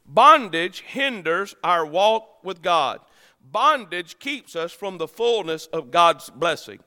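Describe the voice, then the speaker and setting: A male pastor preaching a sermon to a church congregation, with dramatic swings between loud declarations and soft, low lines. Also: lively intonation, slow pace, smooth, big-room sound. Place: church sanctuary.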